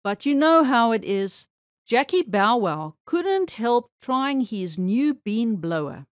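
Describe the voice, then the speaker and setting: A woman reading a children's storybook aloud with expressive, animated storytelling. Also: on the high side, slow pace, no room sound, studio quality.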